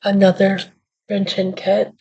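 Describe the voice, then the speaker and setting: A woman hosting a card-making channel shows her work in casual, rambling chat, apologizing and playing down her abilities. Her mid-range voice is monotone, a little slow, mellow, and breathy at the edges, and the recording is dull lo-fi.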